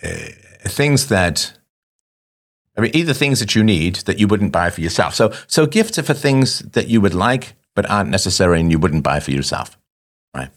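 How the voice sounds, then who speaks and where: Very deep-voiced man, wry rambling host. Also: big pitch swings, moderate pace. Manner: rambling and wry, with self-mocking asides. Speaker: show host. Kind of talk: casual monologue to listeners.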